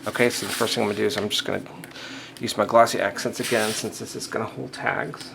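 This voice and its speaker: A man's voice: fairly low pitch, level tone, fast talker, creaky. A man hosting a step-by-step crafting tutorial, talking casually and thinking aloud, checking in with the viewer as he works. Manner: casual, thinking aloud, frequent okays and restarts. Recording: audible background noise.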